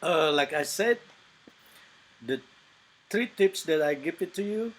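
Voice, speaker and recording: A man's voice: on the high side, lively intonation, takes it slowly, a bit bright, poor audio. A man from Indonesia with an Indonesian accent, giving casual English-learning tips to his channel's viewers, hesitant and full of fillers. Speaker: English teacher. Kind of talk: casual lesson tips to camera.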